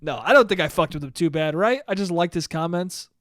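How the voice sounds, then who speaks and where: A man in his twenties hosts a casual solo podcast, rambling, putting himself down, and swearing freely. His voice is on the high side, animated, fairly quick, and fairly bright. The sound is clean studio audio with no room sound.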